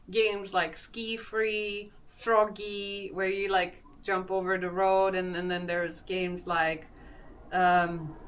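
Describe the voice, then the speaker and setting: Slow-talking Swedish-accented woman streamer. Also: on the low side. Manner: chatty, greets chat viewers, laughs often. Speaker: live streamer. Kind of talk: casual live-stream chat.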